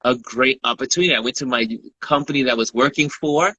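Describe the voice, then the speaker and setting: A man's voice: medium pitch, fast, dry recording, low-quality recording. A man, a guest photographer, talking casually in a live-stream interview and acting out the voices of the people in his stories. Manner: lively storyteller who acts out quoted dialogue.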